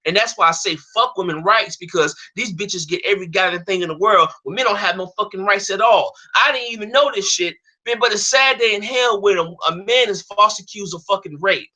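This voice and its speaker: A young American man ranting on a stream, his voice pitched high and pushed hard, with a tense, sharp edge. He is heated and profane, and stumbles back over his own words as he keeps going. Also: a little fast, hardly any pauses. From United States. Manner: heated, profane, repeats and restarts phrases. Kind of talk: angry ranting monologue.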